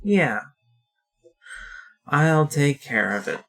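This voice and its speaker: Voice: mid-range voice, sing-song, very slow, a bit bright, faint music behind, exaggerated voice. A person voicing a sullen, defiant young man in a tabletop role-play, curt and grumbling. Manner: curt, grumbling, dry humor.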